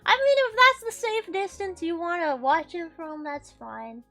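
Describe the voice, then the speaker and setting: Woman, streamer, casual chat, swears a lot, laughs often, very high bright voice, music behind. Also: very animated, measured pace.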